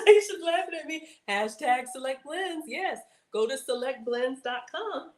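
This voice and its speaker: A woman's voice: sits high, expressive, measured pace, darkish tone, roomy sound. A woman hosting a casual cooking livestream, chatting to viewers as she works. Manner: chatty, addresses viewers as y'all; playful outbursts and sing-song bits.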